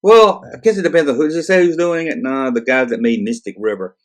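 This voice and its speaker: A man in the middle of a casual, exasperated rant, his voice sitting at an ordinary pitch. He sounds sarcastic and fed up, and he swears freely as he reacts to each item. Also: fast. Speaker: channel host. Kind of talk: casual ranting commentary.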